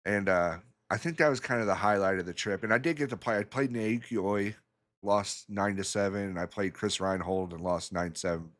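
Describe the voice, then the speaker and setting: A man's voice: on the low side, a little fast, a bit bright. A man commentating a pool match in a casual way, rambling through stories and chuckling often.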